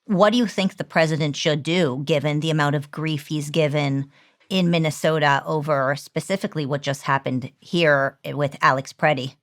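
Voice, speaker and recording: A woman with a fairly low voice hosts an interview. She asks direct, leading questions in a steady, conversational way. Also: moderate pace. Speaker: interview host.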